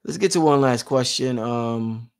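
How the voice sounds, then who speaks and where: Guy doing a casual livestream, shouting out chat, repeats stuff, goes loud then quiet. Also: mid-range voice, vocal fry, clear, resonant tone. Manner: reads out chat shout-outs, swings between loud and hushed; informal, drawn-out, repeats phrases. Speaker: livestream host.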